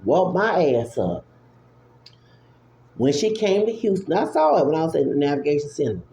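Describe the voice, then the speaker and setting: A man with a gravelly, fry-laden voice rants with no filter, cursing freely and hammering the same words over and over. He sounds like he is recording on a phone in an echoey room, with a faint hum underneath. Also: a little high, sing-song, normal speed, dark tone. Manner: profane, repetitive, exclamatory. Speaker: vlogger. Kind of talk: unfiltered rant. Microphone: phone app recording. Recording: roomy echo with faint hum.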